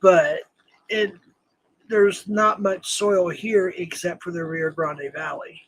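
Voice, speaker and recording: A man's voice: high voice, slow, rough recording. A man from New Mexico hosting a casual live-stream chat, rambling with many fillers and self-corrections and chuckling often. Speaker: host.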